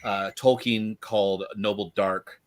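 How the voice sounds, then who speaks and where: A man's voice: on the low side, a little slow. A man, a guest writer on a panel, talking casually with jokes and rambling asides. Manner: animated storyteller, jokes and trailing asides.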